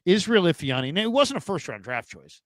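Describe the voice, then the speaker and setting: Storytelling sports talk host, dry close mic. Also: male voice, very animated, fairly quick, no echo, rough recording. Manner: rambling anecdotes, mimics players in a high goofy voice.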